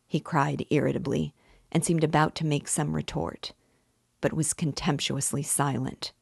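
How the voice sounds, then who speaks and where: A woman reading a classic novel aloud in a measured, steady audiobook narration. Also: low-pitched, vocal fry, husky, no echo, studio quality.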